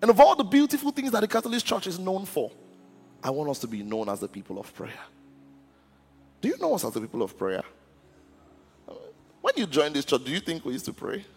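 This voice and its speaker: A man's voice: fairly high pitch, huge pitch swings, fairly quick, long pauses, a little mellow, husky, long reverb tail. A man pastor preaching a sermon in a church, often stuttering on restarts and asking the congregation if they are listening. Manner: stammers and restarts words.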